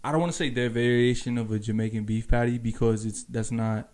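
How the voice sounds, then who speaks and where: A man's voice: mid-range voice, steady tone, a little fast, a little mellow. Laid-back man. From the Bronx, New York. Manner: laid-back, laughing and profane. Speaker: rapper guest. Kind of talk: casual chat.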